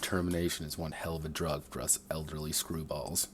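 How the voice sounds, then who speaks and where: A man's voice: rumbling low, level tone, fairly quick, slight background noise. A man reading his own first-person story aloud, sometimes stumbling and rereading phrases.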